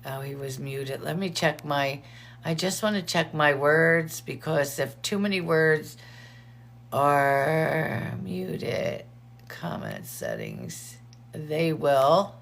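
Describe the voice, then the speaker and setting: A woman hosts a casual livestream, talking slowly in a low voice. Her tone has a gravelly fry, and she chats warmly with viewers, calling out their names between updates. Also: very animated. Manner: chatty, greets viewers by name between updates. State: teary eyes from allergies. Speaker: livestream host.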